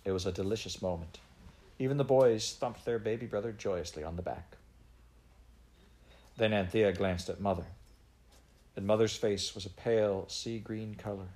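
A man reading a children's novel aloud in an unhurried, gently expressive way. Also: fairly low pitch. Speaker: audiobook reader.

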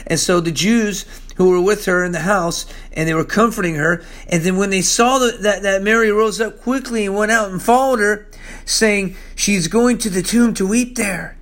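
A man preaching a sermon, reading scripture and commenting on it, swinging between loud exclamations and low, hushed asides. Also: moderate pace. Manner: reads scripture aloud and comments on it.

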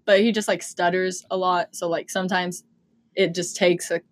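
A woman's voice: fairly low pitch, little pitch movement, moderate pace, no echo. A young woman co-hosting a podcast, chatting casually with friends, rambling and giggling and cutting herself off. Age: young adult. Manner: giggly, rambling, self-interrupting. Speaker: podcast co-host. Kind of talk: casual chat.

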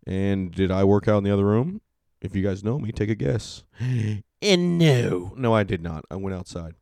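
A man's voice: on the low side, creaky, warm tone, no echo, clean studio sound. A young adult man from California, a stand-up comedian telling rambling, profane tour stories in a casual podcast monologue. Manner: profane, rambling, self-mocking.

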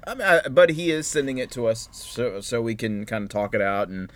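A man's voice: medium pitch, brisk. A man co-hosting a casual chat, easygoing and rambling, with lots of hedges. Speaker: podcast co-host.

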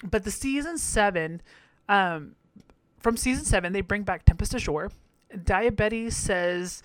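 A man's voice: high voice, a little slow, smooth, no room sound. A man hosting a podcast, giving a campy, profane recap full of laughter. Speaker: podcast host. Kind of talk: casual recap commentary.

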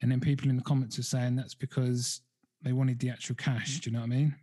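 A man's voice: medium pitch, flat delivery, fast talker, warm tone, husky. A man, hosting a casual chat, gossiping and swearing. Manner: gossipy, sweary, acts out quoted people. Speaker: podcast host.

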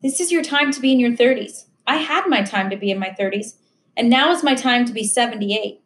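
Brief: woman reading as a gentle, wise old man in his late seventies, patient teacher, raised pitch, roomy echo. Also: a little fast, natural voice. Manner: earnest, patient, softly teaching.

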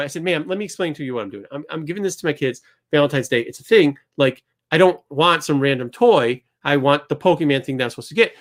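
A man's voice: a little high, fast, few pauses. A middle-aged man hosting a show, telling a story and acting out both sides of the exchange. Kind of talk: storytelling to a studio crew.

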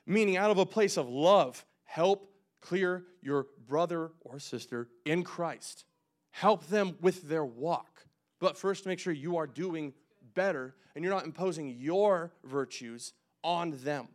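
A young man preaching in a relaxed, conversational way. His voice sits a little on the high side, and he keeps tossing off jokes and quick asides as he walks through a passage. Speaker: pastor. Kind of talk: casual sermon.

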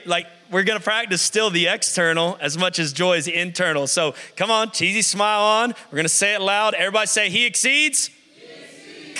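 A man preaching a lively call-and-response sermon, stretching out scripture words for emphasis. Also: high-pitched. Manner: energetic, drawn-out emphasis on scripture. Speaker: pastor. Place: church sanctuary. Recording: live sermon in a reverberant hall.

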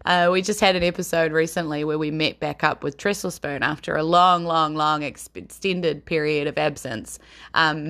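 A woman's voice: low-pitched, vocal fry, a bit bright. A woman with a New Zealand accent, chatting casually and rambling cheerfully as a podcast host. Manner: chatty and rambling, quick to laugh. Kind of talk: casual chat.

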